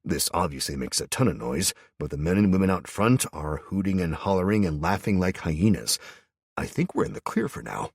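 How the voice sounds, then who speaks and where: A man's voice: low-pitched, animated, a little fast, gravelly, husky, no echo, studio quality. A man narrating a first-person audiobook in a tense, wry manner.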